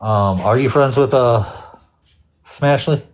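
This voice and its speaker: A man's voice: medium pitch, slow pace. A man joking playfully in a casual group chat.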